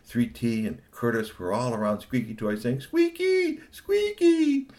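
A middle-aged man narrating a children's story in an animated way, talking to young listeners. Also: fairly low pitch, normal speed.

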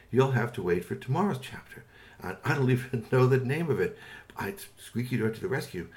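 A man tells a made-up bedtime story to a child in a relaxed, unscripted way. His voice moves up and down with lively pitch.

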